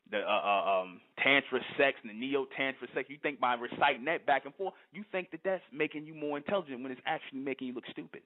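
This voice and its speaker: A man hosting a monologue, lecturing emphatically and firing off rhetorical questions. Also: mid-range voice. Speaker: host. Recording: tinny phone-line sound.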